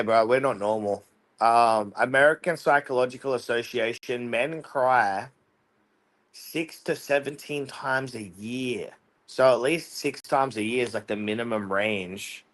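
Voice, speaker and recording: A man's voice: mid-range voice, unhurried, fairly bright tone. Curious male podcast host on a call. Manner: curious, asks lots of questions. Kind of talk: casual panel chat. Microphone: video call.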